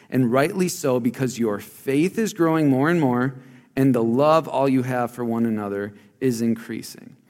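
Guy preaching in a church hall, casual tone, gets loud then drops quiet, big echo. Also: medium pitch. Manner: conversational preaching, swings between loud emphasis and quiet asides. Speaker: pastor. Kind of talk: sermon.

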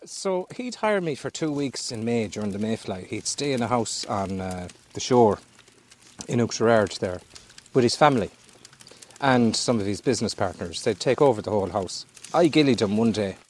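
A man's voice: on the low side, lively intonation, moderate pace, darkish tone. Man spinning a rambling yarn. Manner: rambling, easygoing anecdote-telling. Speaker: fishing guide guest. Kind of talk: casual storytelling.

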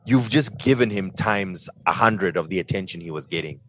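A man's voice: sits low, expressive, normal speed, a bit bright. A man hosting a podcast in casual chat, opinionated and wry, steering the talk along. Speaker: podcast host.

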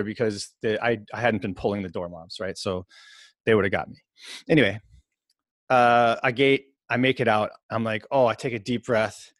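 A man's voice: fairly low pitch, normal speed, no room sound. A man hosting a podcast, telling a long rambling game story in casual chat, often restarting his sentences. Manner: rambling, animated, self-interrupting storyteller. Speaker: podcast host.

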